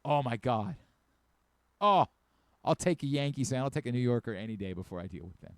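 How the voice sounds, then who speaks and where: A radio host with a Baltimore accent, ranting animatedly in casual sports banter and laughing often. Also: male voice, mid-range voice, animated, fairly quick, dry recording. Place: radio studio.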